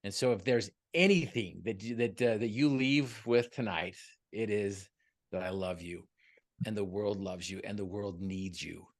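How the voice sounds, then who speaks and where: A man's voice: fairly low pitch, moderate pace. Upbeat joking man speaking on a video call. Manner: joking, storytelling, earnest and upbeat. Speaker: motivational speaker, guest. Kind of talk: motivational talk on a video call.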